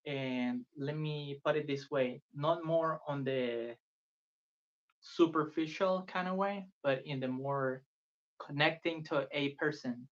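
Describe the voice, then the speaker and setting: Brief: patient man leading a beginner live-stream lesson, speaks slowly, dull lo-fi audio. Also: on the high side, steady tone. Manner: patient, earnest, repeats phrases for the viewer to copy. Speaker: Spanish tutor. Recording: dull lo-fi sound.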